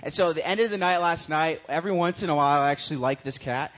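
Preacher, male, slightly high pitch, casual animated delivery, dull lo-fi recording. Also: quick pace. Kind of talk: sermon.

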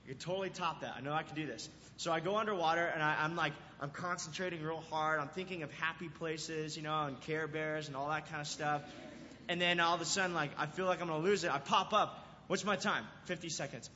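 A man preaching a sermon, telling a personal story with lively, animated delivery and acting out his own lines. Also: a little high, a little fast, a little hiss or hum. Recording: dull, roomy recording with long reverb in a hall.

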